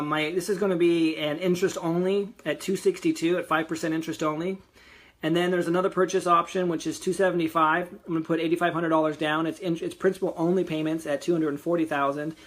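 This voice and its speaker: High, bright-voiced young man rambling. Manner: rambling, easily frustrated, lots of fillers. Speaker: real estate investor vlogger. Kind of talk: casual video diary. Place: at home.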